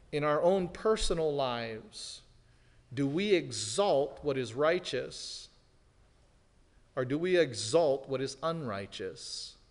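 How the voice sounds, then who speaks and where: A man preaching an expository sermon as pastor, emphatic, swinging from loud declarations to hushed, serious lines. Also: mid-range voice. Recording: long hall reverb.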